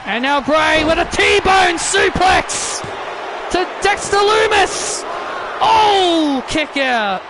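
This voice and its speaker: A man giving excited play-by-play commentary over a wrestling video game, often shouting his calls. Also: very high voice, drawn-out words. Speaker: gaming commentator. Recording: loud game crowd and noise behind. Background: wrestling game crowd noise.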